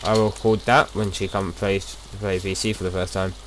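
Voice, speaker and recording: A man's voice: sits low, level tone, fairly quick, a bit bright, slight background noise. A young man casually talking through his gameplay as a video host, rambling and chatty, often restarting his sentences.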